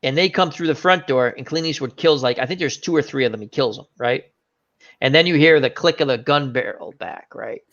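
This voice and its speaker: A man's voice: medium pitch, fairly quick, fairly bright tone. A man hosting a casual chat, retelling scenes animatedly with fillers and self-corrections. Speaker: host. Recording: dull lo-fi recording.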